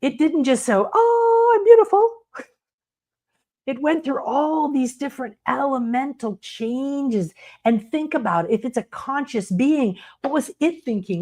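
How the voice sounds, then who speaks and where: A middle-aged woman giving an unscripted spiritual talk to her viewers, earnest and meandering, speaking from the heart. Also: fairly high pitch. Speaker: spiritual teacher.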